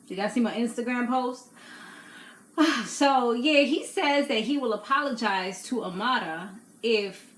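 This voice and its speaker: A woman's voice: mid-range voice, fairly bright tone. Chatty opinionated young woman, echoey room. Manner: chatty, opinionated, laughs often. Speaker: YouTube recap host. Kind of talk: casual reality TV recap. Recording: echoey room with faint noise.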